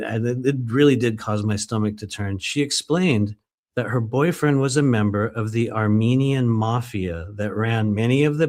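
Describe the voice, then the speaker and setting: Chatty man reading his own memoir. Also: fairly low pitch. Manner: chatty, swears, laughs often, breaks off to comment. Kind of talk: live book reading with casual asides.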